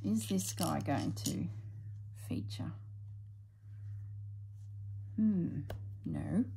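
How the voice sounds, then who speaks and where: A middle-aged woman chatting casually while she stitches, thinking aloud and drifting into soft asides. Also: sits low, huge pitch swings, drawn-out words, gravelly, a little hiss or hum, rough recording. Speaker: slow-stitching vlogger.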